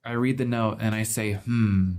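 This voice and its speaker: A man's voice: medium pitch, lively intonation, fairly quick, slight background noise. Casual tabletop player, man. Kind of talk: casual tabletop game chat.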